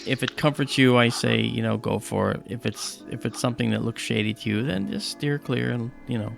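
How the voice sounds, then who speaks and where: A man's voice: mid-range voice, a little fast, vocal fry, soft background music. A man hosting a casual livestream, telling stories in a loose, rambling way with lots of fillers. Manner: rambling storyteller with many fillers. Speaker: livestream host.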